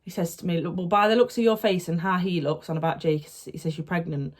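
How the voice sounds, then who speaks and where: A woman's voice: fairly low pitch, fast talker. A young woman telling a personal story to camera in a casual, chatty way. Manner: chatty, animated retelling with acted-out quotes. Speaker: vlogger.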